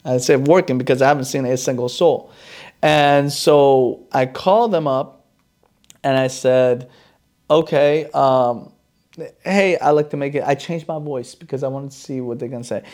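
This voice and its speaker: A young man, a chiropractor, telling a personal story and acting out the quoted lines with big jumps in pitch. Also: unhurried, a little mellow.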